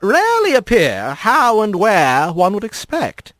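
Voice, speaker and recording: A man's voice: high voice, huge pitch swings, measured pace, fairly bright tone, dry recording, pitched above the performer's own voice, exaggerated voice. A man voicing a scarred old male kit fox, a courtly trickster who speaks with a lilting lilt and formal, sly phrasing. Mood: grand.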